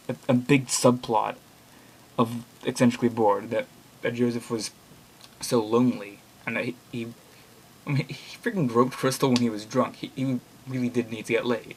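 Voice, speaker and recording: A man's voice: mid-range voice, fairly even intonation, moderate pace, darkish tone, slightly rough. A young man reading online horror blogs aloud with casual commentary, rambling and opinionated, swearing now and then.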